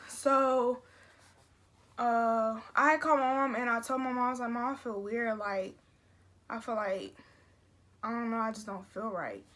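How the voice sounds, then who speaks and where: A woman's voice: fairly high pitch, steady tone, unhurried, pauses often, a bit bright. Chatty young woman telling a story. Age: young adult. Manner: chatty, emotional retelling with many fillers and restarts. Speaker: vlogger. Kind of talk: casual storytime vlog.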